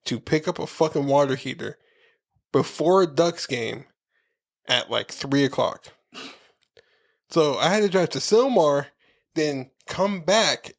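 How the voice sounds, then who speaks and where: A man co-hosting a podcast, chatting casually, laughing a lot and swearing while he tells work stories. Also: on the high side. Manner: laughs often, swears, acts out quotes. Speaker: podcast co-host. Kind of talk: casual chat.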